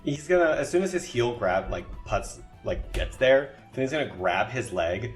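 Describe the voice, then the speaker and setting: A man playing in a tabletop game, describing his character's moves in quick bursts. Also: medium pitch, animated, soft background music. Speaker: player. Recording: roomy echo.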